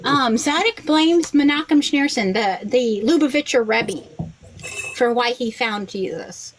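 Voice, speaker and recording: Animated woman rabbi telling stories. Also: a little slow, a little hiss or hum, poor audio. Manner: animated storyteller, quotes others with big pitch jumps. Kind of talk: casual podcast chat.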